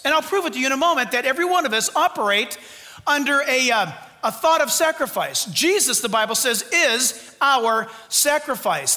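A fervent man preaching to his church, his voice very high and bright. He is loud and exuberant, tosses in jokes, and his words ring through a long reverberant hall. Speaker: pastor. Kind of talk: sermon. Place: church sanctuary.

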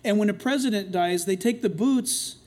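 An older man preaching a sermon in an animated way, acting out the voices in the stories he retells. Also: high-pitched, moderate pace. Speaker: pastor.

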